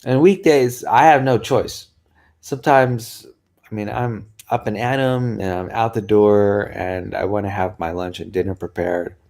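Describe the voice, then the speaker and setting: A man with a lowish, somewhat mellow voice and fairly even intonation talks a little slowly in a casual vlog to camera. Tired, he yawns occasionally while rambling chattily with lots of laughs and sighs.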